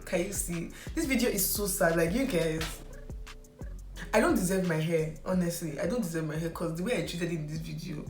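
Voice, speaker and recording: Her lowish voice moves fairly quickly as the young vlogger discusses her hair, chatty and self-mocking, leaning on "like" again and again. It's casual to-camera talk mixed with voice-over, recorded with a roomy echo and soft music.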